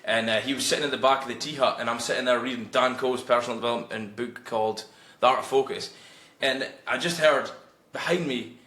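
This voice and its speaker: A man's voice: medium pitch, fairly quick. A man in his late twenties, a guest telling blunt, swear-laden stories in casual conversation. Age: late 20s. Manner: blunt, swears freely, animated storytelling. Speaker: guest, freelance copywriter. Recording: roomy echo.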